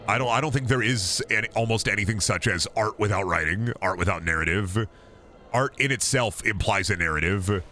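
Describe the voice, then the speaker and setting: A young man casually commentating a game stream, swearing freely and jumping into high, excited yelps when something surprises him. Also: a little fast, faint music behind.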